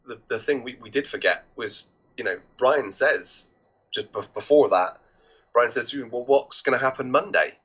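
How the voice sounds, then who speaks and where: A podcast co-host with a mid-range, slightly bright male voice speaks at a moderate pace, casually retelling film scenes and quoting the characters. He restarts himself a lot, and the recording has a dull lo-fi podcast quality.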